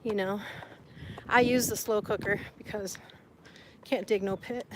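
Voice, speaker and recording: High-voiced woman chatting on a livestream. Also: slow pace, a little hiss or hum. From Sonora, Mexico. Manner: chatty, laughs often, greets viewers, mixes in Spanish words. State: sweaty and hot. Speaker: livestream vlogger. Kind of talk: casual livestream chat.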